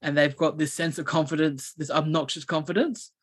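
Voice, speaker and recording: A man, co-hosting a podcast and telling a story in a rambling, animated way with many restarts. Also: on the high side, a little fast, breathy edge. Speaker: podcast co-host. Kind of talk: casual chat, storytelling.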